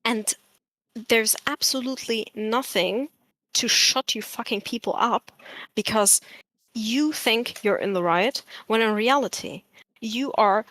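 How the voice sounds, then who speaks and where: Woman debater, slightly high voice, dry close mic, blunt and profane, lectures over interruptions. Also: unhurried, a bit bright, no room sound. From Arab diaspora. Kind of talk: heated online debate.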